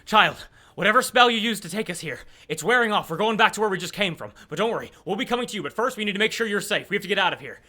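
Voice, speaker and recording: An elder woman speaks with quiet authority and protectiveness, as a man puts her on at the game table. Her voice sounds bright and forceful, a little higher than his own. She is measured even when things are urgent. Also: heavily acted. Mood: urgent, reassuring. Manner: addresses others as "child", measured.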